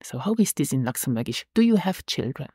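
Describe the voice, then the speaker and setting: A woman teaching a language lesson, saying each phrase slowly and repeating it twice. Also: rumbling low, very animated, warm tone, husky, no room sound, studio quality. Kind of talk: slow, clear language lesson.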